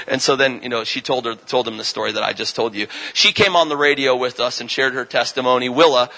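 Fervent bright-voiced male preacher. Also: medium pitch, quick pace, few pauses, low-quality recording. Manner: fervent, rising to loud emphatic declarations. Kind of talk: revival sermon with healing testimony.

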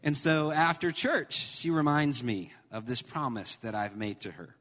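A man in his thirties preaching a sermon as pastor, animated and emphatic, mixing humor with scripture. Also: mid-range voice, a little slow, few pauses. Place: church sanctuary. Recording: long hall reverb.

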